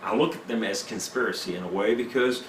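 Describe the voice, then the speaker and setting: This man speaks quickly in a fairly low voice, sharing his own testimony as an interview guest in broken English packed with fillers. There's slight background noise, and the distant mic picks up an echoey room.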